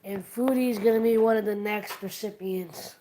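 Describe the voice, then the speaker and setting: A woman's voice: mid-range voice, fairly even intonation, normal speed, noisy background. A woman hosting a livestream, chatting casually and retelling a funny story with plenty of restarts and acted-out quotes. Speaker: stream host.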